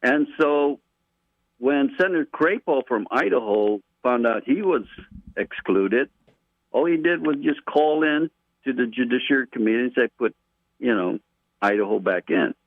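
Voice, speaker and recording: A man's voice: medium pitch, expressive, moderate pace, no echo. A man with a Guam accent phoning in to a radio show, earnest and explaining his issue at length. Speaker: caller. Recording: tinny phone line, dry.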